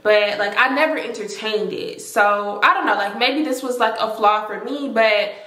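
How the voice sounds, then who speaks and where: A young woman, casually telling a storytime to camera, animated and swearing freely. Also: fairly high pitch, moderate pace. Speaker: storytime vlogger. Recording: echoey room.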